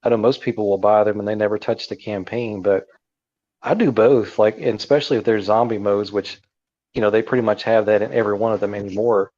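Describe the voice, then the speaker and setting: A man's voice: lowish voice, fairly even intonation, fast talker, darkish tone, dull audio. A man co-hosting a casual video game chat, earnest and friendly. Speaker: co-host.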